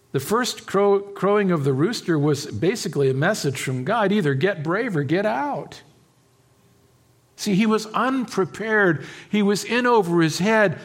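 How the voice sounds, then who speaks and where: A pastor with a high-sitting voice preaches an expository sermon, moving between hushed, quiet stretches and emphatic, raised passages. His delivery includes halting restarts and repeated words.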